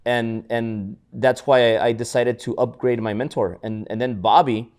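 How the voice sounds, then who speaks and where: A man's voice: mid-range voice, moderate pace. A man co-hosting a podcast, telling stories in casual motivational chat, often restarting words and acting out others' lines. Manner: repetitive restarts, animated storytelling. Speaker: podcast co-host.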